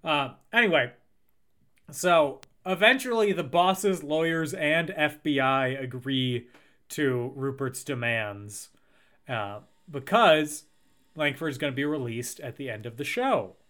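A man's voice: a little high, expressive, slow pace, bright, forceful tone. A man co-hosting a podcast, chatting casually and recapping a story with dry, self-deprecating humor. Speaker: podcast co-host. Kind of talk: casual chat.

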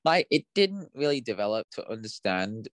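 A man co-hosting a podcast, chatting casually and excitedly with lots of fillers. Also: lowish voice, normal speed, no echo. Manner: excitable, animated, many "like"s and fillers. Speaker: podcast co-host. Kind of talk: casual chat.

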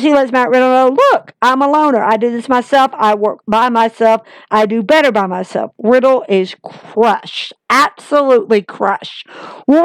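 A woman's voice: high voice, no room sound. A woman hosting a casual wrestling recap, chatty and enthusiastic, acting out the wrestlers' lines.

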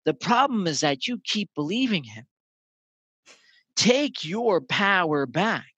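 A man chatting on a podcast, animated, telling stories that carry life advice. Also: high voice, takes it slowly, husky, no room sound, highs cut off. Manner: animated storyteller, swears casually. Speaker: podcast guest. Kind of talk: casual conversation.

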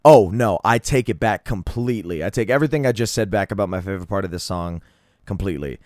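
Male solo podcaster, deep smooth voice, dry close mic, excitable and profane music fan. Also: fast, no echo. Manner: enthusiastic, rambling, swears freely. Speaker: podcast host. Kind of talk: casual solo music review.

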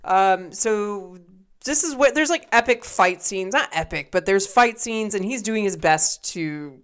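Smooth-voiced woman recapping a movie casually. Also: medium pitch, animated, measured pace. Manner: loose, profane storytelling with quoted lines. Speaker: podcast co-host.

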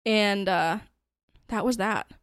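A woman's voice: mid-range voice, takes it slowly, clear, resonant tone, no echo, clean studio sound. A woman co-hosting a podcast, casually retelling a true-crime case with lots of fillers and some swearing. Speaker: podcast co-host.

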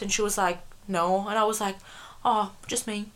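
A woman's voice: mid-range voice, fairly even intonation, moderate pace, a bit bright. A young woman, chatting and telling stories as a podcast co-host, often giggling. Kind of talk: casual chat.

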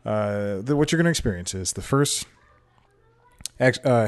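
Alone at a desk microphone in a home room with a TV playing behind him, a man hosts his casual solo podcast, rambling self-deprecatingly and laughing often between thoughts. His medium-pitched voice has lively intonation and normal speed, with long pauses.

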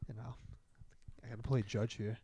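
A man who is a podcast guest in casual chat, easygoing and chiming in with quick reactions. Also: fairly low pitch, flat delivery, dark tone, slightly rough, no room sound.

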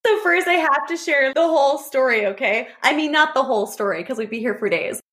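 A woman in casual conversation, telling lively stories and acting out what people said. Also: high-pitched, a little fast. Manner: animated storyteller, acts out quotes. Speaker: podcast guest. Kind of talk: casual chat.

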